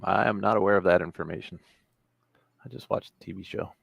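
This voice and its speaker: Deep gravelly guy chiming in, deadpan one-liners, dry close sound. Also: a little fast, no echo. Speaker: co-host. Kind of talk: casual chat.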